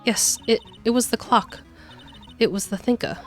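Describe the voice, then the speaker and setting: A woman voicing a distraught young woman grieving her sister, reading game dialogue on stream in a halting, stammering way. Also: on the high side, fairly even intonation, faint music behind, voice pushed up, close to an everyday voice. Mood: shaken.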